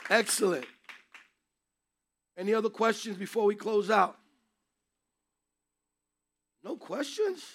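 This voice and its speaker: A man's voice: high-pitched, expressive, slow, long pauses, fairly bright tone. A man teaching a Bible class, speaking emphatically and taking questions from his students.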